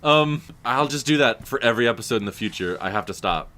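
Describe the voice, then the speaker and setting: Playful, lively-voiced male podcast host. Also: medium pitch, quick pace. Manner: playful, jokey, laughs often. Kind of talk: casual chat.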